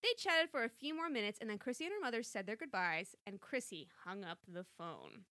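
A woman's voice: a little high, fairly quick, dry recording. A woman co-hosting a comedy podcast, reading a story aloud with playful emphasis and chatting between passages. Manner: reads dialogue with lively, playful emphasis. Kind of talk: comedic read-aloud with commentary.

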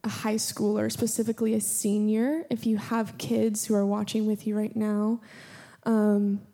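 A woman's voice: mid-range voice, flat delivery, measured pace, dark tone. A woman giving words of knowledge and leading an earnest, emotional prayer with many fillers. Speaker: prayer minister. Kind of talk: spontaneous prophetic prayer.

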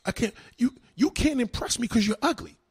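A man delivering a heated, profane rant to the camera, swinging between low mutters and loud insulting outbursts. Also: a little fast, breathy edge.

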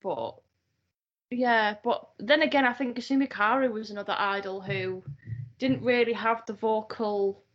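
A woman chatting casually, with lots of fillers and an easy, relaxed manner. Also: on the high side, normal speed, dull audio. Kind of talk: casual chat.

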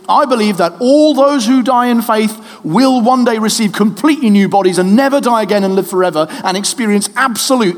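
Lively high-voiced preacher in echoing hall. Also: male voice. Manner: lively, conversational, jokes with the congregation. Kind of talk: sermon. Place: church hall. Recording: reverberant church hall.

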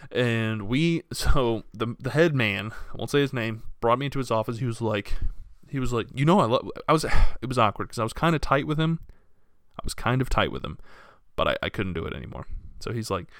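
Casual swearing twenty-something podcast host, dead-dry booth sound, crisp voice. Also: male voice, mid-range voice, moderate pace, dry recording. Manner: casual, profane, storytelling with animated quoted voices. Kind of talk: solo podcast rant.

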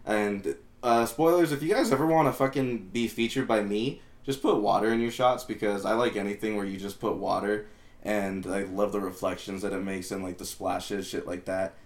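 A man's voice: lowish voice, steady tone, moderate pace. A man co-hosting a podcast in laid-back casual chat, swearing freely and laughing often. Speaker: podcast co-host. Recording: roomy echo.

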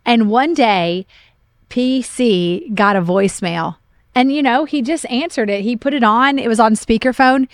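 A woman's voice: fairly high pitch, unhurried. A woman pastor in casual podcast chat, earnestly telling stories and quoting scripture. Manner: earnest, storytelling, quotes scripture.

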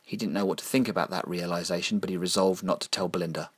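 A man narrating a dark horror story in a measured, grim storytelling manner, slowing down to lean on key phrases. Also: deep voice, steady tone, slightly rough, dry recording.

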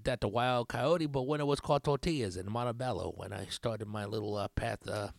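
A man's voice: mid-range voice, fairly quick, creaky, dry recording, clean studio sound. A man hosting a podcast in casual chat, rambling, swearing a lot and laughing at his own jokes. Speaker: podcast host.

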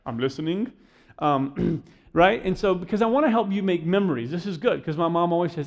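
A middle-aged man preaching a sermon in a casual, conversational way, often checking in with a quick "right?". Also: expressive. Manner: conversational, keeps asking the crowd "right?"; acts out quoted voices, dropping softer and lower. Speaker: pastor.

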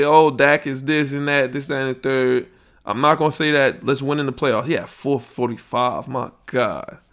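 A man's voice: mid-range voice, a bit bright. A man hosting a podcast, giving a casual sports recap with blunt, slangy trash talk, reacting to a live chat. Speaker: podcast host.

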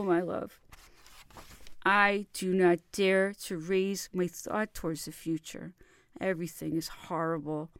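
A woman reads an old love letter aloud in a slow, deliberate, impassioned way. Her voice sits a little low, and the recording is dry and close, with no room around it. She sometimes drops to a soft whisper. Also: dry recording. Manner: impassioned, theatrical delivery with soft whispered passages. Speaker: reader.

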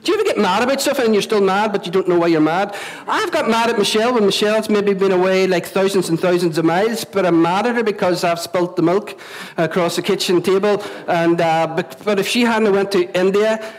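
A Northern Irish man with a high voice delivers a sermon to his congregation. He talks in a chatty way, repeating words and asking the room questions. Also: poor audio. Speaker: pastor. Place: church venue before a congregation.

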